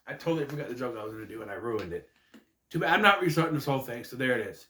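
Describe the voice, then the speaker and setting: A man's voice: mid-range voice, big pitch swings, very fast, pushed and bright. A man rambling through a casual, jokey recap monologue with asides. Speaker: wrestling recap vlogger. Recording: echoey room.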